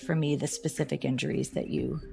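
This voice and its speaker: A woman hosting a podcast, giving scripted narration and asking measured interview questions. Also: low voice, fairly even intonation, creaky, warm tone, faint music behind. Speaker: podcast host.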